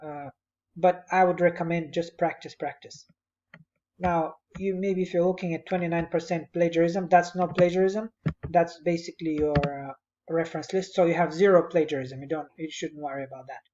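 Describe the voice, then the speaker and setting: A man's voice: fairly high pitch, fairly even intonation, normal speed, darkish tone, dull audio. A male instructor giving conversational, encouraging spoken feedback to a student on a presentation, speaking at his computer.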